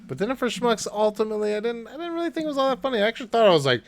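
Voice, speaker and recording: A man's voice: high voice, big pitch swings, fast talker, hardly any pauses, dry recording. A man co-hosting a podcast in casual chat, often laughing as he retells movie scenes. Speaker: podcast co-host.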